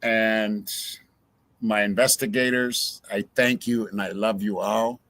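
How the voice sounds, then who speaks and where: Slow-talking, swearing true crime host, bright voice. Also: male voice, fairly low pitch, fairly even intonation, dry recording. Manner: profane, heated ranting. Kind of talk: casual livestream commentary.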